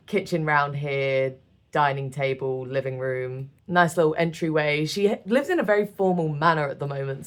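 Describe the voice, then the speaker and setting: Chatty British woman narrating a game build. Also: low voice. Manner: chatty, self-deprecating, laughs often. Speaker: gaming creator. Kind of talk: casual building commentary.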